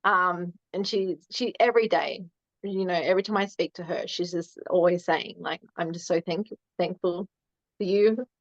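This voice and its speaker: A woman, a guest telling a family story in casual chat, full of "um" and "like" and quick laughs. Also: fairly low pitch, steady tone, no room sound. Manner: chatty, lots of "um" and "like", laughs often. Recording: dry, dull lo-fi mic sound.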